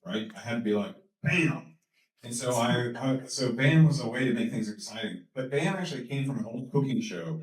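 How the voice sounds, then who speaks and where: Man, guest speaker, lively storytelling, stumbles over his words, roomy hall, heard from a distance. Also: mid-range voice, fairly quick, hardly any pauses. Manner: enthusiastic, laughing, repeats words when excited. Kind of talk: animated storytelling in a Q&A. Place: lecture hall. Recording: echoey hall, mic from a distance.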